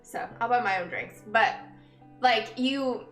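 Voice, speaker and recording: A woman's voice: a little high, slow pace, fairly bright tone, soft background music. A young woman streaming casually, chatting with viewers, laughing often and greeting them upbeat. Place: empty room, indoors. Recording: echoey empty room.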